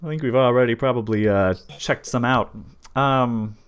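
A man's voice: mid-range voice, moderate pace, clear, resonant tone, dull audio. Game master, male, medium voice; loose, rambling chatter full of fillers. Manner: rambling, lots of fillers and restarts. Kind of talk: casual pre-show chat.

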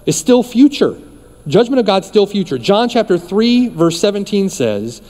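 Male pastor, high animated voice, mellow tone, emphatic repeated lines, church hall reverb. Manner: emphatic preaching with repeated phrases. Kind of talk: sermon.

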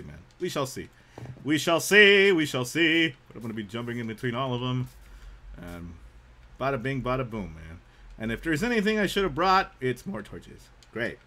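A young man chats through his gameplay stream in a lively, bouncing voice that swings from low mumbles to high yelps. His tone is bright and forward, and he tacks "man" onto half his sentences in an easygoing drawl. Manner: laid-back, says "man" a lot, bursts into loud yelps. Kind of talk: casual live-stream gameplay chat.

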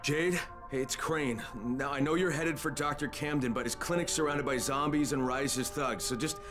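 Actor voicing earnest male game hero, mid pitch, music under him. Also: moderate pace, natural voice.

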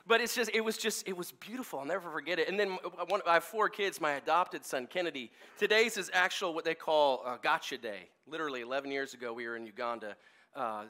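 A man in his forties, a pastor telling personal stories during a sermon in a casual, animated way, full of fillers and restarts. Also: a little high, fast. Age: 40s. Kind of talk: storytelling sermon. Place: church service.

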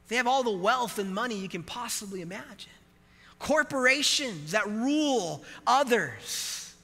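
A man preaching a sermon as pastor to a live congregation, animated and emphatic, quizzing the church. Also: high-pitched, husky, long reverb tail.

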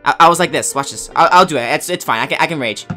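A man hosting a casual gaming livestream on a headset mic, excitable and swearing, flipping between mock rage and cheerful chat. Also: fairly high pitch, rapid-fire, soft background music. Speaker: streamer host.

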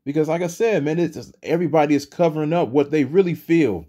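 A man's voice: on the high side, fast, dark tone. A man giving a loose, conversational religious talk, dropping "man" into nearly every sentence. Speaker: religious commentator. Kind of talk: casual preaching monologue.

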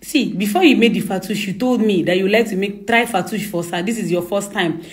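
At home indoors, a woman who is an employer chats casually, coaxing and insistent and laughing often as she talks. Her voice sits at medium pitch and moves fairly quickly.

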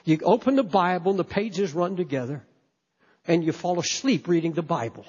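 Preacher, male, very high voice, fervent sermon delivery, dull lo-fi hall recording. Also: normal speed, a little mellow, husky. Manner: impassioned, emphatic, repeats words. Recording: echoey hall, dull lo-fi sound.

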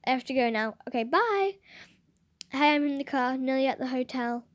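A woman's voice: high voice, lively intonation, normal speed, dry recording. A woman hosting her channel, reading out family group chat messages in a giggly, chatty way. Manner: giggly, chatty read-aloud with bursts of laughter. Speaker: channel host.

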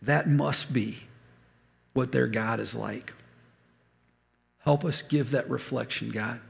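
An older male pastor delivers a sermon, weaving personal stories into repeated, emphatic phrases. His voice has a gravelly edge at a middling pitch. The sound carries a long reverb from a large church hall. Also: slow pace.

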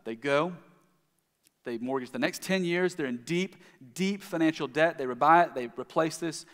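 A man's voice: mid-range voice, a bit bright. A man giving a sermon as the pastor, telling a story in a conversational way with frequent restarts. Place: church sanctuary. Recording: long hall reverb.

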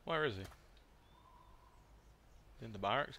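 A man's voice: fairly low pitch, fairly even intonation, normal speed, a bit bright, slight background noise. A man, casually muttering commentary over his gameplay and swearing freely. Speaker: gaming video creator.

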